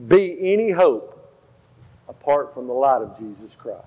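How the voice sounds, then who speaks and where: A man's voice: mid-range voice, very animated, measured pace, slightly rough. A male pastor preaching a sermon, telling stories and repeating phrases for emphasis. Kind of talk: sermon with storytelling. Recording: slightly dull, faint guitar behind.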